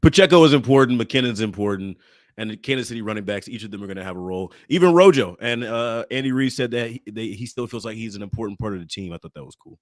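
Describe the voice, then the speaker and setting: Man co-host, lowish voice, dry sound, chatty sports talk. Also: quick pace, no echo. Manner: chatty, stumbles and repeats words. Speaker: podcast co-host. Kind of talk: casual sports podcast chat.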